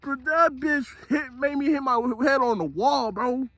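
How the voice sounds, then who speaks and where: Animated young man with a high voice. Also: a little slow, no echo. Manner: animated, slangy, profane storytelling. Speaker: vlogger telling a story. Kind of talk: casual storytime monologue.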